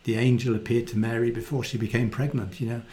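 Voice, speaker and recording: A man giving a casual, animated Bible talk and often acting out the quoted voices in it. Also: medium pitch, fast talker. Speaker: Bible teacher. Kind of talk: conversational Bible teaching.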